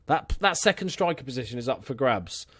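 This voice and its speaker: Excitable man, lively voice. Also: mid-range voice, fairly quick, breathy edge, dry recording, studio quality. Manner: excitable, chatty, swears, commentates his own match. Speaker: let's play host. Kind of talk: casual game commentary.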